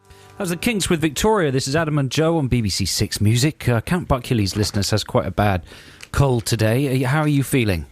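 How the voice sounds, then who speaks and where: A man's voice: medium pitch, expressive, brisk, few pauses. A man co-hosting a radio show, teasing and mock-theatrical in casual banter in a radio studio. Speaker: radio co-host.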